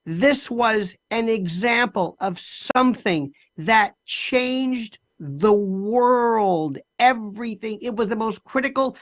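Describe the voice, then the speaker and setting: A man's voice: high-pitched, animated, slow pace, few pauses, a bit bright. A man from the United States, a guest commentator on a talk show, effusive and wordy, stacking synonyms.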